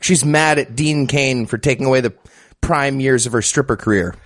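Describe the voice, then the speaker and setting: A man's voice: mid-range voice, normal speed, fairly bright tone. A man on a comedy movie podcast, tossing in wry jokes about the film. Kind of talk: casual comedic movie chat.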